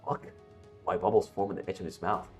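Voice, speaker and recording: A man's voice: low voice, steady tone, a little fast. A man streaming a game, reading its story text aloud and talking back to the characters with swearing and jokes. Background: game music.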